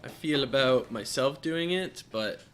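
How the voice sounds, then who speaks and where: A young man giving let's play commentary, thinking aloud and getting emotional, sometimes breaking into high exclaims. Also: unhurried, noisy background. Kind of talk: gameplay commentary.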